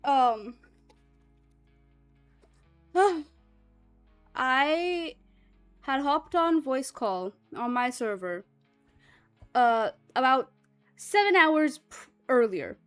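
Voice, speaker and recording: A woman's voice: high voice, lively intonation, very slow, pauses often, smooth, no room sound, faint music behind. A woman streamer in casual livestream chat, rambling and chatty and swearing freely.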